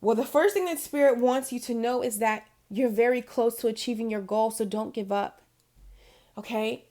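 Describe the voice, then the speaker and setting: A woman with a high voice talks straight to the camera as a spiritual guide. She is emphatic and encouraging, repeats her key phrases for weight, and laughs often between thoughts. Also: moderate pace, warm tone. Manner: laughs often while talking. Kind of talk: motivational talk to camera.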